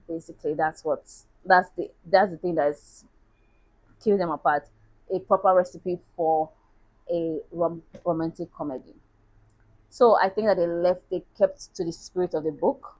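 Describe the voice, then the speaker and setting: A woman's voice: fairly low pitch, moderate pace, poor audio. A woman chatting casually as a book reviewer, laughing at herself now and then.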